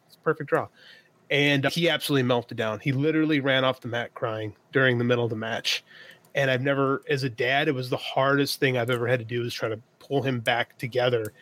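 A man's voice: medium pitch, a bit bright. A man in his thirties telling a personal story in a casual podcast chat, quoting himself and his son as he goes. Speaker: podcast co-host.

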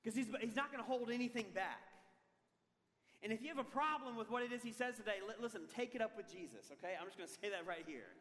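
A man preaching a sermon as pastor, telling an animated, self-deprecating story with humor. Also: high-pitched, fast. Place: large church hall. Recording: long hall reverb.

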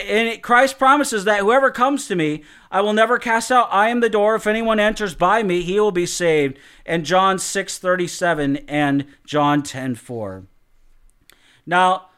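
Male Bible teacher, high voice, smooth and resonant tone, earnest measured sermon delivery. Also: fairly bright tone. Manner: earnest, measured reading with scripture quotes.

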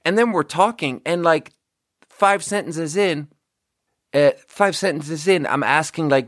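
A man's voice: on the high side, lively intonation, unhurried, dry recording, clean studio sound. A man hosting a podcast, rambling casually, swearing often and laughing at his own jokes. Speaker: podcast host. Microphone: close studio mic.

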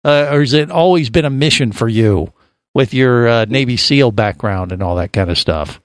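A man's voice: medium pitch, normal speed, no echo, clean studio sound. A man hosting a casual radio chat show, teasing his guests with jokes. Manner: joking, teasing banter.

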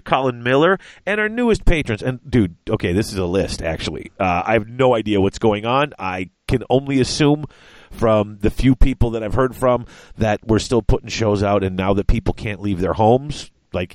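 A man's voice: mid-range voice, dry recording. A man hosting a podcast in casual chat, rambling and stumbling over names. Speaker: podcast host.

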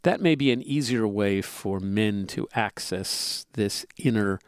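On a relationship advice podcast, a male co-host muses aloud, frequently restarting phrases and chuckling. His voice is fairly low, clear and resonant, and he speaks unhurriedly in a dry recording.

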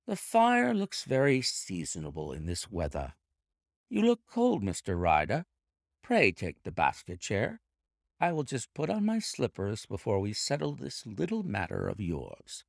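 A man voicing a calm, confident detective who speaks blandly and evenly. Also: lowish voice, dry recording, clean studio sound, full character voice. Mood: genial. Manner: bland, smooth, measured.

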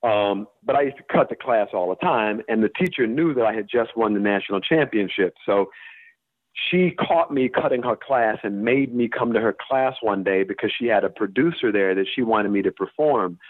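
A man from the US Deep South, an actor being interviewed, talking candidly and emphatically, swearing and laughing as he makes his points. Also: normal speed, no echo. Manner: emphatic, profane, laughs while making points. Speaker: actor guest. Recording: tinny phone-line sound.

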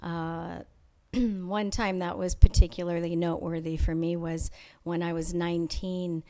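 A woman's voice: fairly low pitch, little pitch movement, warm tone. Thoughtful woman telling a personal story. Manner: thoughtful and measured, with frequent pauses and restarts. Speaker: interview guest. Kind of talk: reflective personal storytelling in conversation.

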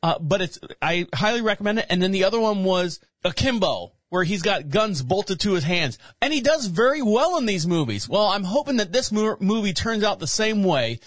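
A man's voice: sits high, very animated, moderate pace, fairly bright tone, dry recording. A man hosting a show, reading news headlines and rambling jokingly about them in casual commentary. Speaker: show host.

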